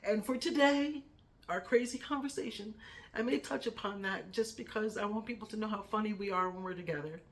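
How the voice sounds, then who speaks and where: A woman's voice: mid-range voice, brisk. A middle-aged woman speaking a heartfelt, emotional tribute to a family member in her vlog, fighting back tears. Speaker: vlogger.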